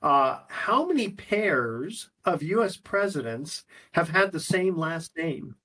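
A male radio co-host with a fairly high, husky voice leads into a break. He hams up an exaggerated announcer delivery. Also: big pitch swings, slow pace, sharp tone. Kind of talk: casual radio chat and mock announcer read.

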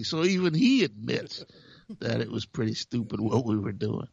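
Gravelly-voiced male radio co-host. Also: medium pitch, moderate pace, no room sound, highs cut off. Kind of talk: casual on-air chat.

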